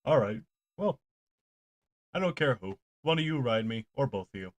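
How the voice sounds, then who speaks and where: Man doing a playful old mastiff, talking dog, eager whining, gruff short phrases, tabletop game voice, mid pitch. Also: lively intonation, normal speed, lightly acted.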